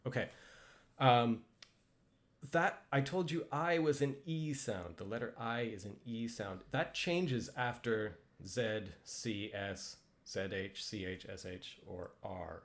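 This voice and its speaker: A man's voice: mid-range voice, slow pace. A man casually teaching pronunciation over slides, hesitant and self-deprecating, with frequent ums and restarts. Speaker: language instructor.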